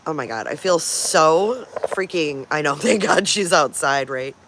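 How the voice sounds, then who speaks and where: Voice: medium pitch, lively intonation, unhurried, fairly bright tone, slight background noise. A livestream host chatting casually over morning coffee, stopping often to greet viewers by name and to coo at pet dogs.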